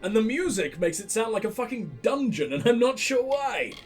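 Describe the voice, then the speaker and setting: A high-voiced man riffing through a let's play, sarcastic and swearing freely as he mocks the characters he meets. His commentary is loose and animated. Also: moderate pace, soft background music. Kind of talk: casual gameplay commentary.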